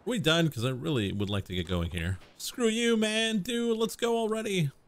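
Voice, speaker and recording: A man's voice: sits high, normal speed. A man voicing a blunt, exasperated tough guy while reading game dialogue aloud, using sarcastic, slangy talk close to his own voice.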